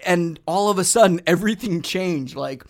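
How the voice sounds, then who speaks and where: A man with a Boston accent, a comedian guest telling stories in a casual podcast chat, animated and prone to ranting bits. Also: sits high, moderate pace. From Boston area, US. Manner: animated storyteller, slips into loud ranting bits.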